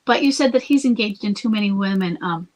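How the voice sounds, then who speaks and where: A woman's voice: mid-range voice, fairly quick, a little mellow, poor audio. A woman hosting an advice podcast, answering a listener in a conversational, thinking-aloud way and sometimes dropping to a whisper. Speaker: podcast host and coach.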